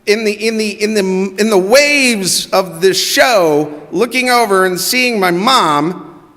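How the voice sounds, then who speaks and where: Man, middle-aged, high voice, personal story, animated, acts out quotes, long church reverb. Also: takes it slowly. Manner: animated, quotes people in their own voices. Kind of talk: personal story told to a congregation. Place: church sanctuary.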